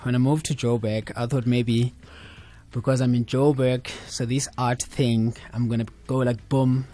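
A man's voice: mid-range voice, a little slow. Male radio guest, Xhosa South African accent, native Xhosa, easygoing. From Eastern Cape, South Africa. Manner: relaxed, laughs easily, mixes languages. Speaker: studio guest, artist. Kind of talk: casual interview. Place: radio studio.

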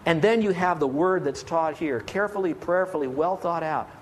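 A man preaching a sermon with a voice pitched high for a man. He pleads earnestly with his congregation. He keeps asking rhetorical questions. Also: moderate pace, a little hiss or hum. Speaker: pastor.

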